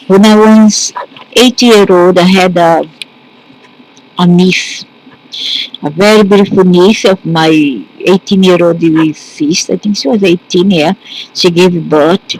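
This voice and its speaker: A woman telling a personal story in a reflective, earnest monologue, halting often and restarting her sentences. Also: fairly low pitch, steady tone, poor audio. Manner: earnest and tender. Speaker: spiritual speaker.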